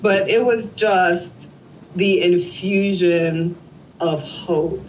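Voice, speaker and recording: A woman in her forties with a lowish voice speaks very slowly over a faint hiss or hum. She's an interview guest recounting an emotional family story, animatedly acting out what each person said. The lo-fi recording sounds slightly dull.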